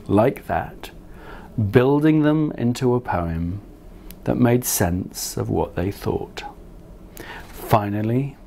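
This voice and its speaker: Slow, gravelly storybook reader. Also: male voice, mid-range voice, slight background noise. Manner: gentle, unhurried storytelling, speaking to children. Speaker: picture book author reading his book. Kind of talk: storybook read-aloud.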